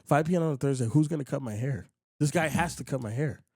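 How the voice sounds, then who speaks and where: A man hosting a podcast, telling a story in casual chat, animated and acting out other people's lines, with frequent swearing. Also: medium pitch, quick pace, no echo, studio quality. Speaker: podcast host.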